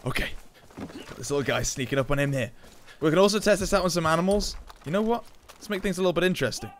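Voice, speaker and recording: A young man chatting excitedly through gameplay, joking and laughing at his own lines. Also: on the high side, quick pace, a little hiss or hum. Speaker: gaming YouTuber. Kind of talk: casual gameplay commentary.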